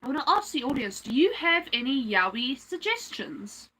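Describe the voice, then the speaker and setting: Woman streamer, casual chat, bright forceful voice, rambly. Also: high-pitched, very animated, moderate pace, slightly rough, poor audio. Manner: chatty, rambling, lots of fillers. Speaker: livestream host.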